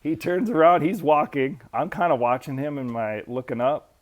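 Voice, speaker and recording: A man in his fifties, a military veteran, telling stories in a profane, animated way and acting out quotes. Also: fairly high pitch, moderate pace. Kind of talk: casual storytelling.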